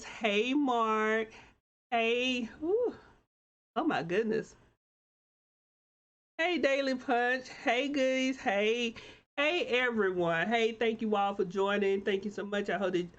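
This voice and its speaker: With a medium-pitched voice and the highs cut off in the audio, she runs her own live-stream talk show. She calls out viewers by name and lifts them up with warm, church-style preaching.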